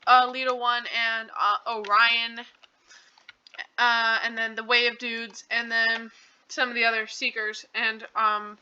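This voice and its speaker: A channel host with a high, very bright, smooth voice rambles from point to point through a movie recap, leaning heavily on fillers and "like". She speaks slowly with little pitch movement, and the recording is dull and lo-fi.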